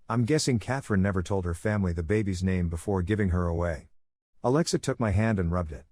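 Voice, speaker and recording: A man reading a first-person story aloud in steady scripted narration. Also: deep voice, no echo.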